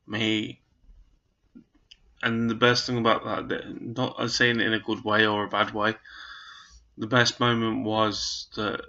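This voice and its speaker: A man's voice: on the low side, bright, forceful tone, lo-fi sound. A man, vlogging in a chatty, rambling, earnest way to camera. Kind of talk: casual chat to camera.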